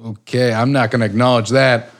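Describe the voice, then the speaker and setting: A man's voice: medium pitch, steady tone, brisk. A tired man co-hosting a casual podcast, joking around and reading a news story aloud with stumbles and asides. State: tired, yawning. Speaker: podcast co-host.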